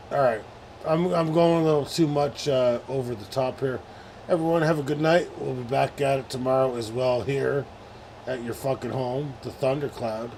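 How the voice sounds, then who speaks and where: A man's voice: mid-range voice, steady tone, moderate pace, darkish tone, slight background noise. A man hosting a late-night live stream, rambling and swearing as he heaps mock sports praise on a teammate. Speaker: streamer host. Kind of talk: casual live-stream chat.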